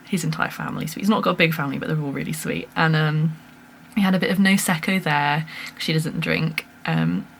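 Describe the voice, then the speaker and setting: A woman's voice: deep voice, lively intonation, a little fast, gravelly, slight background noise. A woman chatting casually to camera at home, telling a story animatedly with laughs and fillers. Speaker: vlogger. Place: home room with a lamp.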